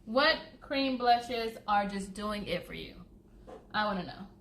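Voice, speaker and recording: Bright-voiced chatty woman vlogger. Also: mid-range voice, measured pace, slight background noise. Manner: chatty, addresses viewers as y'all, laughs often. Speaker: beauty vlogger. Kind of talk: casual get-ready-with-me chat.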